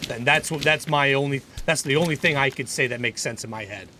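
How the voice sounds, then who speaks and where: A man's voice: mid-range voice, brisk, pushed and bright, slight background noise. Earnest, rambling man streaming. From United States. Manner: earnest, opinionated, rambling with restarts. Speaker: gaming livestreamer and lawyer. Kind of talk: casual livestream chat.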